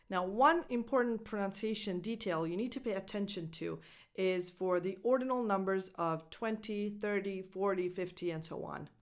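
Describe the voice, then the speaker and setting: A woman whose first language is Italian, teaching English pronunciation as a coach and enunciating each example carefully. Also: mid-range voice. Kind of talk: pronunciation lesson.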